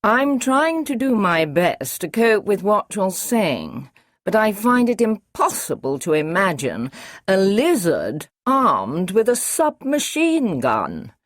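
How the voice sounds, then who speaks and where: A woman's voice: mid-range voice, very animated, slow, no echo, studio quality, voice pushed up. A woman reading an audiobook, voicing a skeptical, pompous male official who speaks in a doubting, incredulous way.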